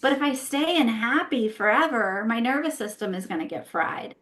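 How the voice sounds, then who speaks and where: A woman's voice: a little high, animated, normal speed, fairly bright tone. A woman who is a guest and former therapist, explaining her views in a casual podcast conversation, posing rhetorical questions to herself. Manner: explanatory, asks herself rhetorical questions, often tags "right?".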